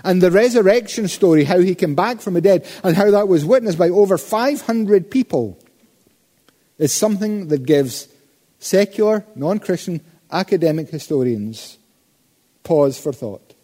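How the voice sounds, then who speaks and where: A male preacher delivers a sermon slowly and emphatically, leaning on deliberate pauses. His voice sits fairly high but sounds dark and mellow. It carries the long reverb of a large church hall. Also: lively intonation.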